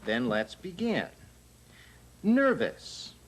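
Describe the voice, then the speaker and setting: High, lively man calling out words. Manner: brisk, calling out words one by one. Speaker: interviewer in a language course recording. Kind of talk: scripted course dialogue.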